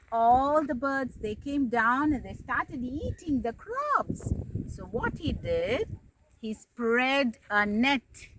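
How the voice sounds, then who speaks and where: A kindergarten teacher with an Indian English accent gives a nature talk outdoors in a village field, asking coaxing questions in a sing-song way. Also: female voice, high-pitched, fairly bright tone, slight background noise, rough recording.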